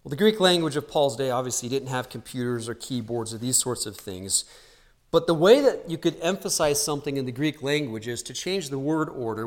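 A man preaching an expository sermon to a church congregation in an earnest, teacherly way, sometimes dropping to a soft, intense tone. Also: medium pitch. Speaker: pastor.

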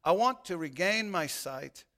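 A man voicing a desperate blind beggar who cries out loudly in a raised, pleading voice while reading scripture. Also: high-pitched, expressive, unhurried, pitched above the performer's own voice, full character voice. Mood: hopeful.

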